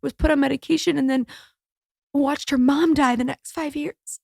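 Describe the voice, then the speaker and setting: A woman's voice: high-pitched, steady tone, normal speed, vocal fry, a little mellow, no room sound, clean studio sound. A woman in her thirties hosting her own podcast, talking in a heartfelt, emotional way and swearing casually. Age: 30s. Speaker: podcast host. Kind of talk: personal podcast monologue.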